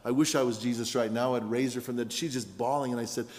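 A middle-aged man preaching a sermon as a pastor, telling stories in an animated way. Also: medium pitch, quick pace. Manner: storytelling, animated with shouted punchlines. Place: large conference hall. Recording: long hall reverb.

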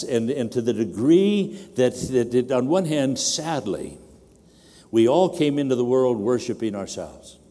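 Older man preaching in a big hall. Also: medium pitch. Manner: animated, acting out a demanding baby in a raised voice. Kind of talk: sermon. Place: large conference hall.

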